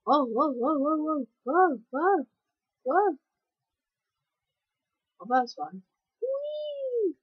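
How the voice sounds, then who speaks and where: A woman giving casual gameplay commentary, excitable and prone to yelps and exclamations. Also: high-pitched, takes it slowly, pauses often, no room sound, narrow, tinny audio.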